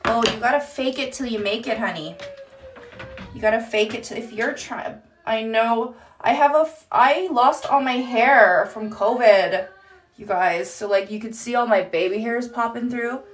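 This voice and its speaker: A woman's voice: a little high, moderate pace. A woman in her thirties hosting a casual live-stream chat from home on her phone, chatty, laughing often and swearing freely. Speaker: livestream host. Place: home, indoors.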